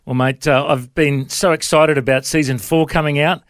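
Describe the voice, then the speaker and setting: An Australian man hosts a chat with a guest, his voice a touch higher than most men's. The sound is close and dry, with no room in it. He speaks in a friendly, easy way. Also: steady tone, moderate pace, no echo. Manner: friendly, says mate often. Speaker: podcast host. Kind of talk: interview hosting.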